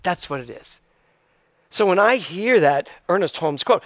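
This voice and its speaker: Middle-aged male minister, slightly high voice, conversational emphatic sermon, dry close sound. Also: sing-song, normal speed, no echo. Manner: conversational, emphatic, repeats key phrases.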